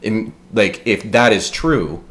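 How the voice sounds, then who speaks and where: A man's voice: fairly low pitch, animated, slow pace, fairly bright tone. A man co-hosting a casual religious discussion podcast, building his arguments in long run-on chains. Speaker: podcast co-host.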